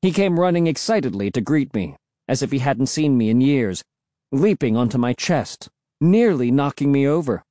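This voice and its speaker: A man's voice: mid-range voice, animated, normal speed, mellow, no room sound, studio quality. A man narrating a first-person story in dramatic audiobook style.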